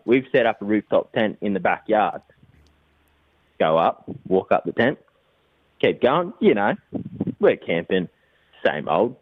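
A man's voice: on the low side, dry recording. An Australian man from Canberra leaving a rambling, crude, swear-filled story as a caller's voicemail. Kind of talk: voicemail anecdote. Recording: muffled phone voicemail.

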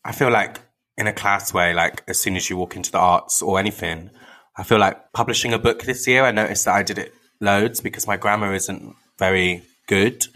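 A man with a Bristolian accent, a podcast guest chatting casually and animatedly, with lots of fillers. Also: lowish voice. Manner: animated, lots of "like" and quick laughs. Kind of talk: casual chat.

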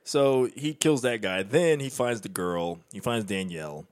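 A man's voice: on the low side, expressive, measured pace, clean tone, no room sound. A man casually recapping an action movie, swearing freely and acting out lines from it. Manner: profane, laughing, acts out quotes.

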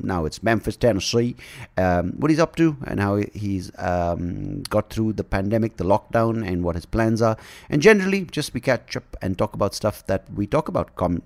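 A man's voice: lowish voice, darkish tone. A man hosting a podcast, giving a casual, rambling and jokey introduction full of fillers and asides. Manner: rambling and jokey, with frequent fillers and self-corrections. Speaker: podcast host.

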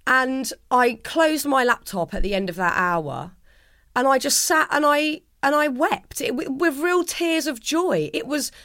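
A woman's voice: high-pitched, animated, unhurried, bright, forceful tone, dry recording. Earnest woman, dry close mic. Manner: heartfelt and earnest, with frequent restarts. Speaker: guest. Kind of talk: reflective interview conversation.

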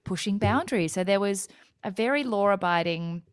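A woman's voice: medium pitch, moderate pace, smooth, no echo, studio quality. A woman in her thirties with an Australian accent, telling her story in a talkative interview chat that wanders off on tangents. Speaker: guest.

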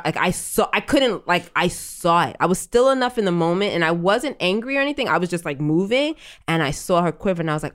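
A woman in her thirties talks through a personal story as a podcast host. Her voice sits a little low, and her delivery is chatty and reflective, full of casual fillers. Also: lively intonation, fast, fairly bright tone. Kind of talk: candid conversational storytelling.

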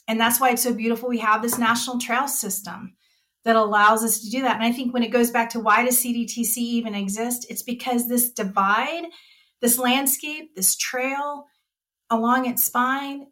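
Passionate middle-aged woman, slightly high. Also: fairly bright tone. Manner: passionate, heartfelt. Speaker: executive director of a trail nonprofit. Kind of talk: podcast interview.

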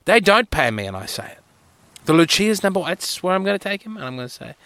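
A man's voice: high voice, very animated, fast talker, pushed and bright, no echo. A man hosting a podcast, telling rambling, wry, self-mocking stories in a solo monologue on a close mic. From Australia. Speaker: podcast host.

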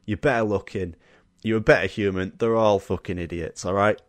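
A young Yorkshireman with a lowish, fairly even voice talks briskly on a very noisy recording. He hosts a solo podcast, laughing and swearing as he tells school stories and acts out quotes.

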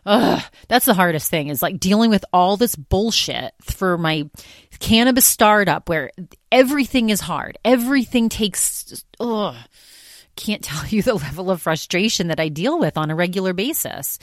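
A woman's voice: medium pitch, expressive, normal speed, no echo, studio quality. A woman hosting her own podcast, talking in a rambling, exasperated way full of fillers. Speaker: podcast host. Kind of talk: casual solo podcast monologue.

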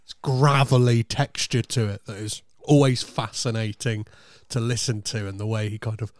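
A man's voice: fairly low pitch, steady tone, normal speed, no room sound. Enthusiastic man co-hosting a podcast, dry sound. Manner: enthusiastic, rambling with restarts. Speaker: podcast co-host. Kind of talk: casual film podcast chat.

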